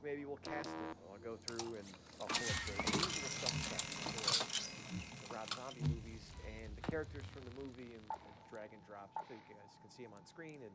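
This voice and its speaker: A man's voice: mid-range voice, heavy background noise. A man hosting his own podcast, talking in a rambling, chatty way with lots of asides while he is losing his voice. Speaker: podcast host. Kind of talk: casual podcast monologue.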